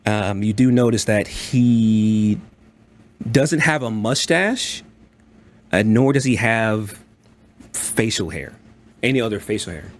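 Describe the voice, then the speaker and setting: A man narrating a tabletop game as dungeon master, halting and full of fillers. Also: on the low side, animated. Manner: halting, many fillers and restarts.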